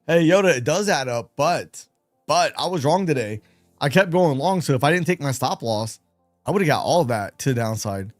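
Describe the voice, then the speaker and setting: Animated rambling male stream host. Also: on the high side, normal speed, soft background music. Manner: rambling, animated, self-deprecating. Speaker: live trading stream host. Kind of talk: casual livestream chat.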